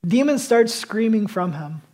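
A man preaching a passionate sermon, swinging between loud emphasis and quiet intensity. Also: sits high, expressive, a little slow. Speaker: pastor.

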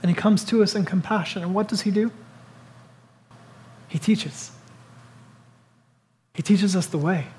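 This is a pastor preaching a sermon in an easy, conversational way. The voice keeps turning to the listeners with rhetorical questions, rising to urgent emphasis and then dropping to a hushed, intimate tone. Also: medium pitch, a little slow, pauses often. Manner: swings between loud urgent lines and soft hushed ones.

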